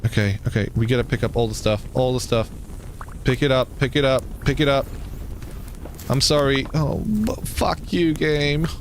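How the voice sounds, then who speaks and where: A man's voice: mid-range voice, normal speed, a little hiss or hum. A young man streaming a survival game, swearing at it and laughing in disbelief as things fall apart. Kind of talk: live gameplay commentary.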